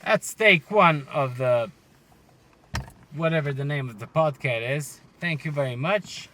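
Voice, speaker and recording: Bright, edgy male podcast host, lively swearing rant, mocks his listeners. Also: on the high side, measured pace, slight background noise. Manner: swearing, joking and heckling the listeners; animated, with loud outbursts. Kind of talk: casual solo podcast rant.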